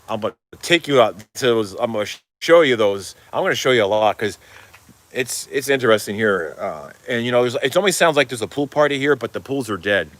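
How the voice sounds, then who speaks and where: A man's voice: mid-range voice, animated, fairly quick, fairly bright tone. A middle-aged man hosting a casual live stream, rambling, swearing freely and reading out viewer comments. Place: Florida, outdoors.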